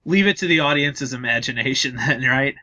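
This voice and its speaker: A man hosting a casual podcast interview, with a bright, forward tone at a middle pitch. He asks long, rambling questions and jokes with his guest. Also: brisk. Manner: chatty, joking, rambling questions. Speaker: podcast host.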